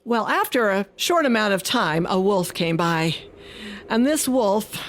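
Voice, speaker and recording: Expressive woman telling a children's story. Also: mid-range voice. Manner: expressive, singsong telling with slowed emphasis.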